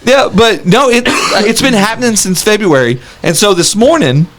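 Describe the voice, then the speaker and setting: A man in his forties telling a story on a casual podcast, animated and laughing, acting out the people he quotes. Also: high-pitched, moderate pace. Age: 40s. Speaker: podcast co-host.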